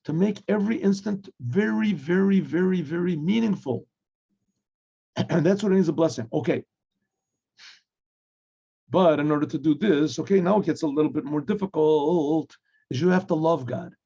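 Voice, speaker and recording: Gravelly, husky rabbi teaching. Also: male voice, a little high, normal speed, long pauses, mellow. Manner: conversational teaching with homely examples and acted dialogue; clears throat often. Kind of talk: Torah class. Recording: muffled lo-fi recording.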